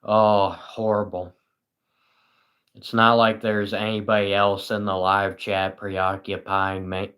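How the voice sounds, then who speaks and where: Tired, slow-talking British man. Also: lowish voice, flat delivery, a bit bright, clear, resonant tone. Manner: dry, self-mocking, sarcastic. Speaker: livestream host. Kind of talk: casual livestream chat reading comments.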